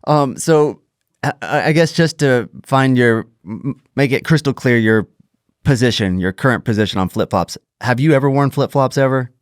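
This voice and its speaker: A man's voice: medium pitch, moderate pace, no room sound, clean studio sound. A man hosting a podcast in a teasing, joking way, often laughing as he talks. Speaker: podcast host. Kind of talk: casual podcast chat.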